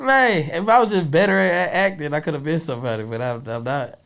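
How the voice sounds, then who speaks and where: A man's voice: on the high side, brisk, vocal fry, few pauses, a bit bright, smooth. A man who is a comedian guest, telling stories in a loose, rambling way during a casual interview chat. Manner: loose, rambling storytelling with frequent laughs.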